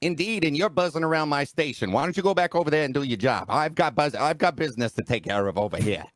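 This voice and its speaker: A man's voice: a little high, lively intonation, quick pace, fairly bright tone, dry recording. Snide male tabletop player. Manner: snide, taunting. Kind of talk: in-character tabletop banter.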